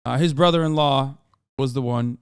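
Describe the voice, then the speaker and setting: Crisp, dry-sounding male streamer. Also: mid-range voice, moderate pace, no room sound. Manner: rambling, joking, many fillers. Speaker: streamer and host. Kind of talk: casual chat reacting on stream.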